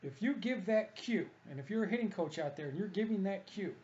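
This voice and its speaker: A man's voice: sits high, lively intonation, fairly quick, darkish tone, muffled recording. A man, a hitting coach, delivering a combative, opinionated monologue that keeps circling back to the same complaints. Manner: combative, ranting, repetitive.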